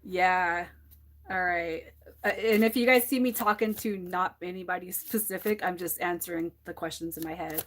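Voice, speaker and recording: A woman's voice: fairly low pitch, steady tone, moderate pace, a bit bright. Teary, candid woman reading tarot live. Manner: candid, swears freely, many restarts and fillers. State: teary, close to crying. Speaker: tarot reader on a livestream.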